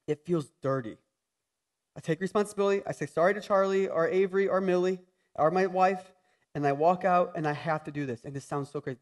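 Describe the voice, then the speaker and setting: A man in his thirties with a high-pitched voice delivers a sermon as pastor. He builds to loud, emphatic lines and then drops to soft, confessional tones.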